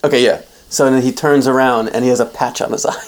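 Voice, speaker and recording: A podcast co-host eagerly pitching scenes in an improvised comedy story. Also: steady tone, quick pace, slight background noise.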